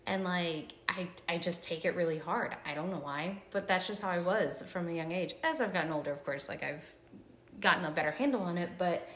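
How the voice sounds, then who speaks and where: A woman's voice: lowish voice, a little fast, fairly bright tone, slight background noise. A woman hosting a podcast, telling stories in casual chat and filling her speech with "like". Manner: chatty storyteller, fills speech with "like". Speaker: podcast host. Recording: echoey room.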